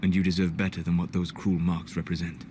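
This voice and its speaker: A man's voice: deep voice, little pitch movement, background noise, close to an everyday voice. Solas, a man voicing a sorrowful elven mage. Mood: tender regret. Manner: soft-spoken, measured and formal. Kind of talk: video game voice acting. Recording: game audio under loud music.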